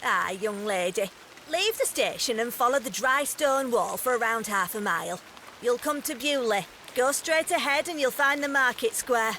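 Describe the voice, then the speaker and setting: An actress voicing a suspicious, nosy old village woman, speaking bluntly and slowly. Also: on the high side, animated, sharp tone, a little hiss or hum. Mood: wary. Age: older. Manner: blunt, prying, slow and drawn-out. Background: game music and rain.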